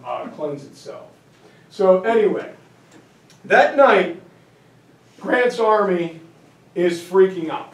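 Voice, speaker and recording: A man giving a history lecture as a lively story, full of fillers and acted-out voices. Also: a little high. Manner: acts out quoted soldiers in voices, lots of fillers. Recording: echoey room, speaker far from mic.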